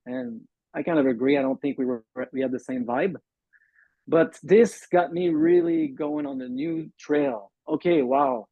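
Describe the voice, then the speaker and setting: A man's voice: on the high side, fairly even intonation, warm tone, no room sound. Man on a muffled call. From Montreal, Canada. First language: French. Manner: earnest, halting, acts out quoted dialogue. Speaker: guest sharing recovery story. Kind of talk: interview storytelling. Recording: dull lo-fi dry call audio.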